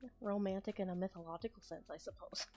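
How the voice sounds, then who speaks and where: A woman's voice: medium pitch, fairly quick, a little mellow, soft background music, lightly acted. A woman voicing a gossipy, world-weary female rep at a monster dating agency, in a put-on posh British accent with dry, knowing asides. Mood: wry.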